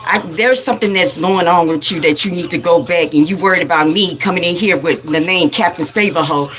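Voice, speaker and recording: A woman hosting a spiritual livestream, scolding viewers and repeating herself for emphasis in a rapid-fire way. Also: on the low side, fairly bright tone. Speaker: livestream host.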